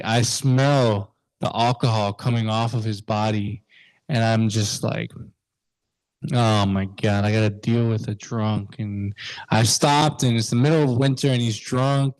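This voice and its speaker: A young man in class casually telling a funny story, animated and full of fillers. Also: mid-range voice, normal speed, dry recording, rough recording. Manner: animated, lots of fillers and restarts.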